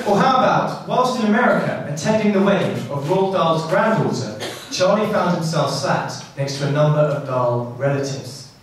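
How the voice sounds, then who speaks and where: A best man delivers a wedding speech, his voice slightly high as he lands dry, deadpan jokes. He is heard from a distance in a reverberant hall while guests laugh around him. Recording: echoey hall from far off, crowd laughing.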